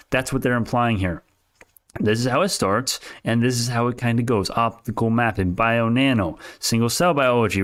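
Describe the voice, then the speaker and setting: A young adult man giving casual, animated stock commentary on a live stream, arguing with chat and laughing often. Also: mid-range voice.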